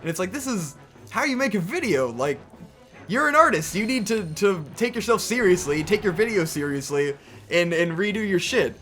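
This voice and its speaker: Young male co-host, high voice, swears constantly, animated exasperated storyteller. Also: normal speed, faint music behind. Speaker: podcast co-host. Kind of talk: casual storytelling rant.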